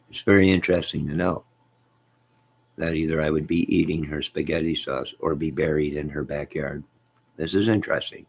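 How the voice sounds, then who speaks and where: A man's voice: a bass voice, vocal fry, slightly rough. A man hosting a casual live stream, reading viewer comments and joking with them in a teasing, chuckling way.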